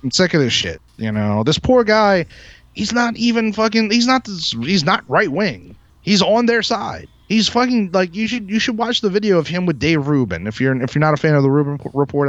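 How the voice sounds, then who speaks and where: A man's voice: on the high side, dry recording. A man hosting a podcast who delivers a heated, profane, emphatic rant. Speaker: podcast host. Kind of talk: ranting podcast monologue. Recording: dull lo-fi, dry sound.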